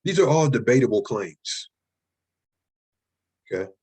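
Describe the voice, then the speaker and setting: A man's voice: medium pitch, expressive, unhurried, darkish tone, husky. Man lecturing, checking in with "right?". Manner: repetitive, checks in with "okay?" and "right?". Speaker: writing instructor. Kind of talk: classroom lecture.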